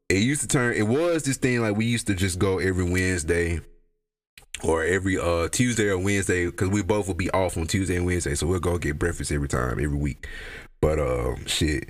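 A young man talks loosely to his camera. He rambles, restarts and swears freely. His voice swoops high and drops low as he tells it. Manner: rambling, slangy and profane, pitch jumping up and down. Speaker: solo vlogger. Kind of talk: casual monologue.

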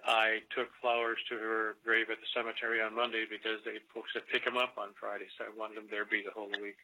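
A man's voice: on the low side, flat delivery, fast, sharp tone. A man as a radio caller, answering in brief, plain words. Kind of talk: phone-in conversation. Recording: muffled lo-fi line.

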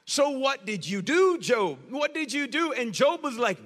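A man preaching a sermon in a casual, slangy, animated storytelling way. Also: extremely high pitch, a little slow, hardly any pauses, big-room sound.

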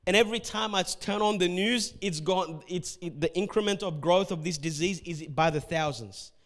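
A man from Ethiopia preaching a sermon as pastor, animated and acting out the people he quotes. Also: sits high, normal speed. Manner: animated, acts out quotes in shifting voices.

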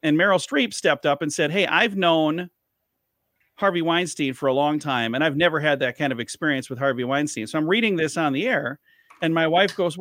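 A man's voice: a little high, a little fast, a bit bright. A male comedian and radio host telling a rambling anecdote in casual chat, restarting his sentences as he goes. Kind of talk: casual storytelling.

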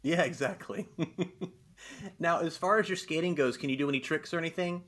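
Speaking fairly quickly in a slightly high, fairly bright voice, this Alabama man hosts a podcast interview with a Southern accent. The talk is casual and chatty, folksy in tone, and he laughs a lot.

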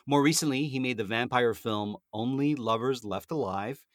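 A man's voice: medium pitch, moderate pace, dry recording. Chatty middle-aged male co-host, dry sound. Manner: friendly, chatty read with personal asides. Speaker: co-host reading celebrity birthdays. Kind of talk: scripted entertainment segment with banter.

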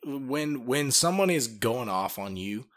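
A man's voice: mid-range voice, expressive, a little slow. A man co-hosting a casual podcast chat, laid-back, swearing and chiming in with agreement. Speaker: podcast co-host.

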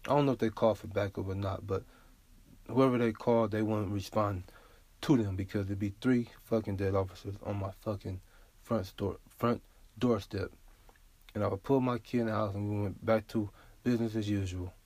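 A man's voice: fairly low pitch, steady tone, normal speed, darkish tone, no room sound. A man hosting a solo podcast, talking bluntly and profanely in a casual, unfiltered way, often asking "you feel me?". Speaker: podcast host.

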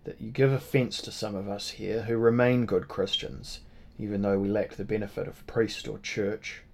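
A man's voice: on the low side, flat delivery, moderate pace, gravelly. A man voicing a proud Irish tavern keeper with an Irish accent, speaking with stern dignity.

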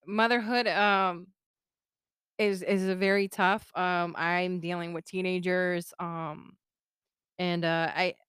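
Smooth-voiced woman podcast co-host. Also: lowish voice, little pitch movement, slow pace, a bit bright, dry recording, studio quality. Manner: hesitant, frequent ums and restarts. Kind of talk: casual chat.

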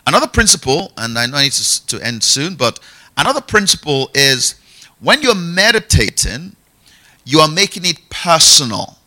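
A man teaching a sermon in a relaxed, conversational way, repeating his main points. His voice is very bright and sits fairly high. It rises and falls a lot as he talks. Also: moderate pace. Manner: conversational, checks in often with "yeah?" and "okay?"; repeats key phrases. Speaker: preacher.

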